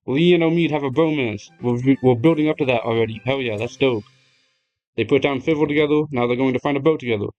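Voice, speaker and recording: A young man casually retelling a game's story to his viewers, excitable and chatty, laughing often and swearing freely. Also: mid-range voice, dull audio. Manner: chatty, addresses viewers directly. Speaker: gaming video creator.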